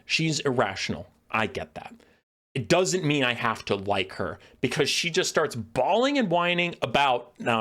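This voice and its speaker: Animated, lively ranting man. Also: on the high side. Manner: animated, profane, sarcastic. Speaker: video creator. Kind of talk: lore rant.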